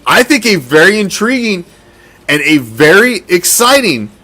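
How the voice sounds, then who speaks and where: A male sports host with a fairly high, bright voice that swings widely in pitch. He talks loosely and profanely, rambling through his points with plenty of energy. The delivery is casual commentary. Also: very animated, a little slow.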